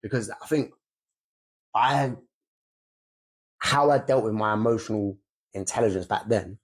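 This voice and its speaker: Co-hosting a frank podcast on fatherhood, this young man speaks at a measured pace in a fairly low voice with a breathy edge. Cursing freely, he acts out scenes at full volume.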